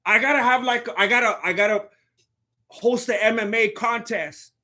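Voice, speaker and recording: Streamer host, young man, bright and edgy tone, rambles and restarts as he riffs on the fights. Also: extremely high pitch, normal speed. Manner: rambling, joking, self-interrupting. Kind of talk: casual live-stream fight commentary.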